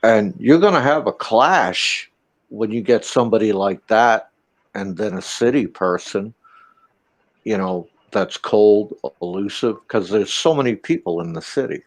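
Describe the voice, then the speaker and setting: Man, casual chat, swears, tells stories, lowish voice. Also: a little slow, gravelly, rough recording. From Boston. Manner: storytelling, profane, animated quotes.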